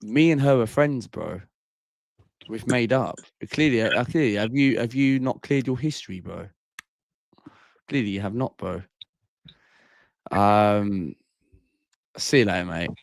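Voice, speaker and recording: A man's voice: lowish voice, expressive, unhurried, vocal fry, long pauses, no room sound, studio quality. A man hosting a casual call-in livestream, talking bluntly and tagging lines with bro and mate. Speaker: livestream host.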